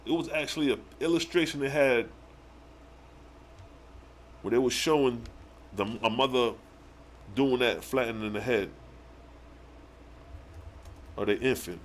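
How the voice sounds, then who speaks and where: A man hosting a live religious stream, reading verses slowly and then breaking into excited slang commentary with rhetorical questions. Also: medium pitch, slight background noise. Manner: challenges the listeners with rhetorical questions. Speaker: religious livestream host. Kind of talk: live scripture teaching.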